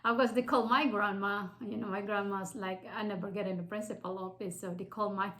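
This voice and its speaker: Filipino lady rambling through a life story, lots of you-knows and restarts, middle pitch. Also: steady tone, fairly quick, fairly bright tone, rough recording. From Philippines. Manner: rambling, many fillers and restarts, laughs between sentences. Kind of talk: casual personal storytelling.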